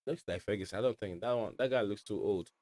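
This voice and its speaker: A man's voice: lowish voice, quick pace, darkish tone, no echo. A man hosting a live watch-along, giving casual, rambling match commentary with lots of fillers and restarts.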